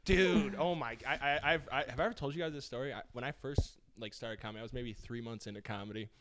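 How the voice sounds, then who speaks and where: A young stand-up comic co-hosting a podcast, telling stories in a quick, animated way. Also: male voice, mid-range voice, crowd noise. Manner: rapid, animated storytelling. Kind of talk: casual comedic chat.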